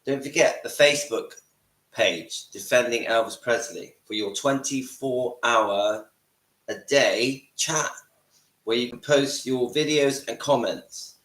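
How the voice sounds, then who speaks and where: A man with a croaky voice from a cold, hosting a casual livestream from home and greeting viewers by name. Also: mid-range voice, takes it slowly, a bit bright. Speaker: livestream host. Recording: echoey room with faint ambience.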